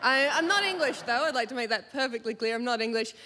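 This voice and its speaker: A woman with an Australian accent performing stand-up comedy in a theatre, animated and jumping up into high exclamations. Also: fast talker. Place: large theatre stage with live audience. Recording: reverberant theatre, faint background noise.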